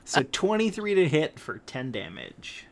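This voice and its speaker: Man calmly calling dice rolls. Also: a little high, measured pace, vocal fry. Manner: matter-of-fact, calls out rolls. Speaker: game master. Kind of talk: running a tabletop game.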